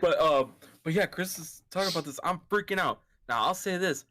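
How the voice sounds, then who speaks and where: A man's voice: fairly high pitch, fairly quick. A man co-hosting a podcast, telling stories with lots of laughter in casual chat. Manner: laughing, expressive storyteller. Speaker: podcast co-host.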